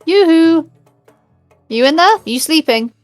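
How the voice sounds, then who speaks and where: A woman's voice: very high voice, animated, slow, no echo, faint music behind. A woman playing a tabletop game, bubbly and chatty, calling out eagerly to the others. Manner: bubbly, chatty, laughs often. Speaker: player.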